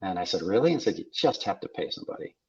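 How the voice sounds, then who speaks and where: This older South Dakota man, USA-born guest on a podcast, speaks low and rapid-fire with a sing-song, creaky, darkish quality. He tells wry anecdotes casually, quoting others' lines back and forth, in dull lo-fi audio with slight background noise.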